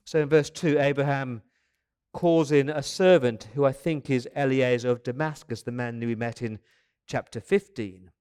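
A man in his fifties preaching a sermon as pastor, in a lively, conversational way with asides and quick restarts. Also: medium pitch, clear, resonant tone. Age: 50s.

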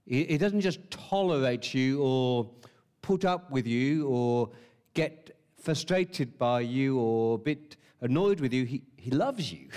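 An earnest male preacher delivers a sermon in a mid-pitched voice. He leans on repetition and puts rhetorical questions to his listeners. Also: lively intonation, slow, a little mellow, smooth.

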